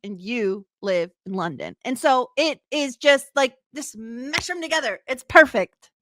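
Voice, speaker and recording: A woman's voice: on the high side, unhurried, fairly bright tone. A woman from the United States hosting a podcast in casual chat, playful and teasing. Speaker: podcast host.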